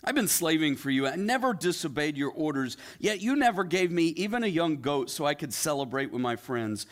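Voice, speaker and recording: A man's voice: a little high, expressive, a little fast, natural voice. A man voicing a resentful older brother in a parable, his complaint rising in bitter indignation.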